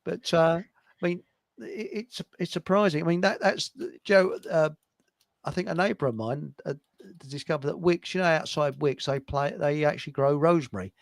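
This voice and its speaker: A man's voice: a little high, moderate pace, creaky, dry recording. An older man hosting a casual radio chat, joking and laughing often. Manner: chatty, laughs often, jokey asides. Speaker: host.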